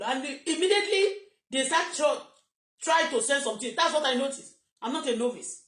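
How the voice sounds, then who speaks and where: Nigerian woman live-streaming from an echoey room, higher voice, rambling and agitated. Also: animated, a little fast, fairly bright tone. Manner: rambling, repetitive, agitated, switching into Yoruba at times. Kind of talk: emotional live-stream monologue. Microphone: phone.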